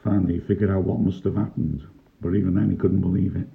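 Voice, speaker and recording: A man's voice: deep voice, little pitch movement, quick pace, vocal fry. An older man, telling a childhood story in a wry, dry-humoured first-person way. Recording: tinny lo-fi narrow-band recording.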